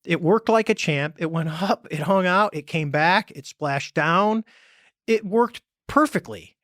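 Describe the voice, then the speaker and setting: Man, podcast guest, animated storyteller, blunt, fairly high voice, dry close sound. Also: measured pace, no room sound. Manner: animated storytelling, acts out quoted dialogue; blunt, swears casually. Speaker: podcast guest, former navy pilot. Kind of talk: casual conversation.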